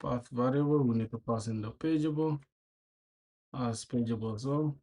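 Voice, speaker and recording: A young man talks loosely over a coding stream, dropping slang and reading code out under his breath. His voice sits at an ordinary middle pitch, and he keeps it easygoing and unhurried. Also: warm tone. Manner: laid-back slangy talk, often laughing, mumbles code aloud. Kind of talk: casual live-stream chat while coding.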